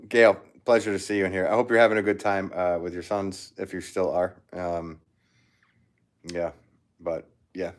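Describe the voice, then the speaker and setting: Deep-voiced easygoing man. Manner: rambling, easygoing, greets viewers by name. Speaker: potter livestreaming to viewers. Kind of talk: casual livestream chat.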